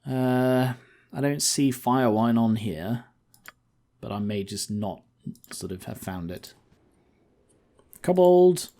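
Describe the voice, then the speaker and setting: Man, game-commentary host, mid-pitched and dark-toned, rambling asides. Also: animated, slow, long pauses. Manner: rambling, thinks aloud with fillers and asides. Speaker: let's-play host.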